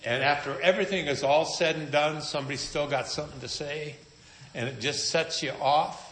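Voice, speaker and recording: A man's voice: on the high side, fairly even intonation, a little fast, a bit bright, slight background noise. A man preaching a sermon in a conversational, storytelling manner with wry humor. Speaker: pastor. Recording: echoey room.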